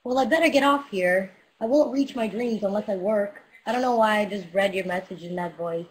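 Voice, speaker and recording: A young woman rapper talks casually with fans on a livestream through a webcam mic, hyped and profane as she gives motivational talk. Her mid-range voice runs a little fast, and the recording quality is low.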